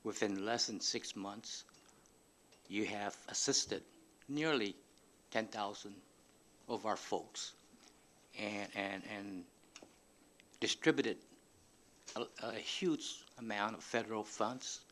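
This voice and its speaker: A man speaking as a legislator at a hearing, measured and halting, thanking the officials. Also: on the low side, fairly bright tone, a little hiss or hum.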